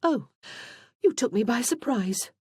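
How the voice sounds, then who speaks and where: A man's voice: high-pitched, big pitch swings, normal speed, darkish tone, husky, no room sound, clean studio sound, pitched above the performer's own voice, exaggerated voice. A man voicing an earnest young widow. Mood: urgent. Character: young woman, candid, warm widow. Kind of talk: audiobook character voice.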